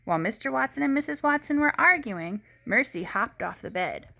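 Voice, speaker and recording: Woman teacher, children's book read-aloud, expressive and lively pitch. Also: fairly quick, vocal fry. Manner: expressive, storytelling.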